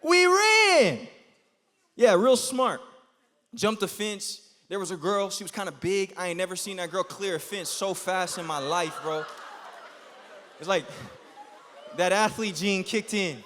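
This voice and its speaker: A young man giving a youth sermon, telling a story in an animated, slangy way and laughing as he goes. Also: high-pitched, measured pace, pauses often, a little hiss or hum. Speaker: youth speaker. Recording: long hall reverb.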